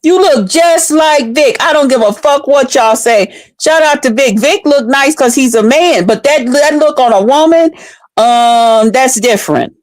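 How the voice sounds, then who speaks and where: A woman's voice: high-pitched, measured pace, no echo. A woman on a live stream delivering a heated, profane, mocking rant.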